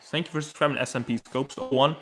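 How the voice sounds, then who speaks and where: A man giving casual live baseball play-by-play, chatting with viewers and reacting excitedly between pitches. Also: quick pace. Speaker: live sports commentator.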